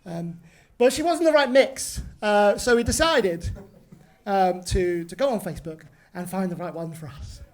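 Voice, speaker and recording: A woman voicing a smug pet owner chatting about buying a dog, with ums and pauses. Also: medium pitch, darkish tone, natural voice.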